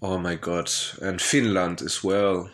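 Slow, low-voiced man rambling candidly. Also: flat delivery, fairly bright tone, a little hiss or hum. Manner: hesitant and profane, with frequent laughs and fillers. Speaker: vlogger telling his life story. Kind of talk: rambling personal monologue.

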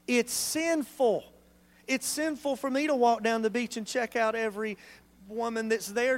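A male pastor, preaching a sermon in a church in an animated, conversational way full of rhetorical questions. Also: very high voice, normal speed.

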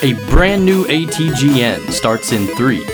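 A woman's voice: a bass voice, big pitch swings, unhurried. A woman announcing a podcast intro, formal and scripted. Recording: announcement over game music.

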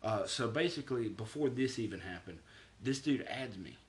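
A man's voice: mid-range voice, lively intonation, normal speed. A man in his twenties casually telling a story, often laughing as he reads out messages. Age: 20s. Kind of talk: casual chat.

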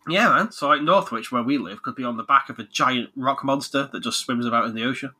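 A man's voice: medium pitch, fast, slightly rough. A man who hosts a podcast, talking casually and joking a lot as he reviews video games. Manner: animated, jokey, laughs a lot. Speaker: podcast host, game reviewer. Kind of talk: casual chat.

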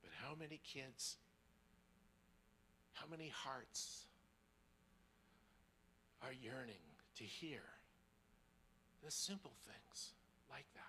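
A medium-pitched man preaching as a guest speaker tells a personal story slowly, with long pauses and slight background noise. He sinks into hushed, near-whispered tones and then climbs to emphatic preaching, often repeating words.

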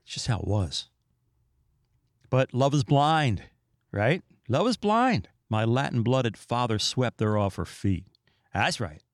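A man's voice: lowish voice, no echo. Emphatic middle-aged man, dry close mic. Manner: emphatic, animated, opinionated. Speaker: podcast host. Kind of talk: casual monologue.

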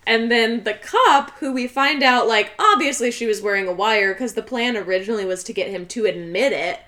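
A woman's voice: on the high side, a little fast, pushed and bright. A young adult woman co-hosting a podcast, recapping a film in a rambling, filler-heavy casual way. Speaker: podcast co-host.

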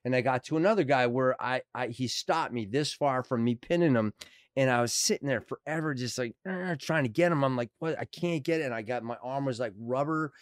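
Middle-aged guy telling a wild story on a podcast, smooth clean voice, dry close sound, acts out the quotes. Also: medium pitch, fairly quick, dry recording. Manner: animated, acts out quotes with swearing. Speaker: actor guest. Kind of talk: casual storytelling.

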